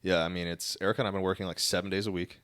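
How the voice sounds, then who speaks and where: A man's voice: deep voice, flat delivery, rapid-fire, fairly bright tone, smooth, dry recording. A young man co-hosting a podcast, teasing in dry, casual banter. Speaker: podcast co-host. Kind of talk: casual chat.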